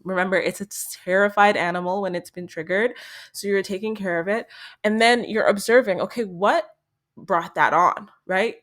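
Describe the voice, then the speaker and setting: A woman hosting a self-help podcast speaks in a gentle, unhurried, soothing way. Her voice sits at a middle pitch. She sounds like a young adult. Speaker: podcast host.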